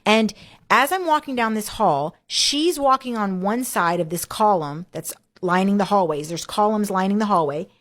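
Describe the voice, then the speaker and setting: A woman guest in a casual interview, telling her story in an animated way, acting out what others said and often saying "like". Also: medium pitch, moderate pace. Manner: animated, acts out quoted speech; frequent filler "like".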